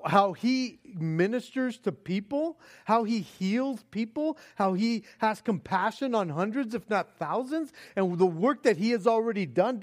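A male pastor preaching a sermon, acting out panicked pleas and laughing often between points. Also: sits high. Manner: animated, acts out panicked pleas with frequent laughs.

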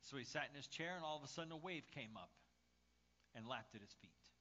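A man's voice: medium pitch, expressive, brisk, bright, forceful tone, dull audio. A male pastor preaching a sermon with a summer cold. He tells stories and talks with frequent fillers and restarts. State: has a summer cold, coughing. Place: church.

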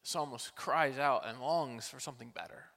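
A man preaching a sermon as pastor, earnest, moving between loud pleading passages and quiet, intimate ones. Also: mid-range voice, moderate pace. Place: church hall. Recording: long hall reverb.

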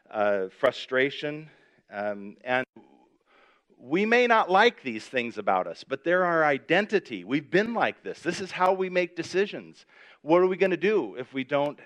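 A man's voice: fairly high pitch, a bit bright. Conversational male preacher. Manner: conversational, repeats and restarts, reads scripture aloud. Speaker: pastor. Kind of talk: sermon.

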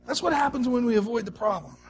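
Male pastor, sermon, high voice, storytelling, shifts soft to emphatic. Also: animated, quick pace. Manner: conversational storytelling, swings between soft and emphatic.

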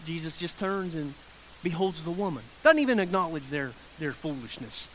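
A man with a somewhat high voice and lively intonation preaches a sermon conversationally at a moderate pace. He repeats his phrases, checks in with listeners, and acts out the people in the story, with a faint hiss on the recording.

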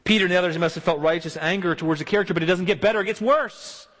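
Male pastor, sermon delivery, repetitive exclamatory phrasing, a bit high in pitch, recorded in a reverberant sanctuary. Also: rapid-fire, fairly bright tone. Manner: emphatic rhetorical exclamations and repetition. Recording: long hall reverb.

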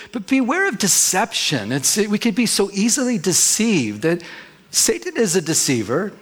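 A man preaching a sermon as pastor, reading scripture and telling folksy stories in an animated way. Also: high voice.

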